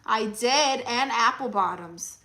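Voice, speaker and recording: Sassy lady doing live chat banter as a fake aunt therapist, bright forceful voice, takes her time. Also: a little high, takes it slowly, low-quality recording. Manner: sassy, playful, teasing; coos baby talk at her dog. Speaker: comedian hosting a live chat as an advice-giving aunt. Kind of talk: casual livestream banter, reading chat comments.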